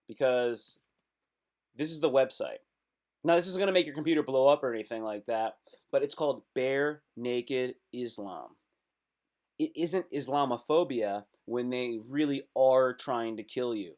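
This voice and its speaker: A man hosting a casual live stream, reacting aloud to web posts in a loose, slangy way. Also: mid-range voice.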